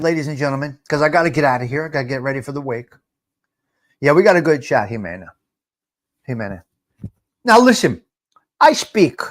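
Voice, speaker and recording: A middle-aged man hosting a casual live chat, teasing viewers, repeating himself and dropping Italian phrases. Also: a little high. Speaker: livestream host.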